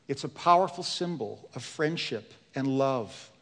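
Slow, earnest male preacher. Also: medium pitch, animated, a bit bright, long reverb tail. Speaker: pastor. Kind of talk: sermon.

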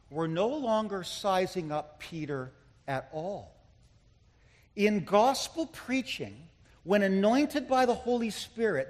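A man preaching a sermon with impassioned delivery, building to loud, emphatic climaxes. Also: sits high. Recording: long reverb of a large hall.

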